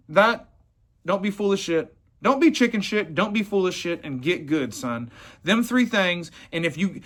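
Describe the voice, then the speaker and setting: A man who owns a plumbing business, giving a blunt, profane, rambling motivational talk. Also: high-pitched.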